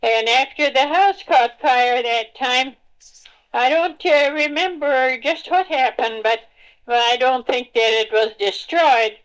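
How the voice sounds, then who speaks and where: An older woman reminiscing in a home recording, unhurried and searching for words with many pauses as she explains old songs with homely humor. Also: high-pitched, poor audio.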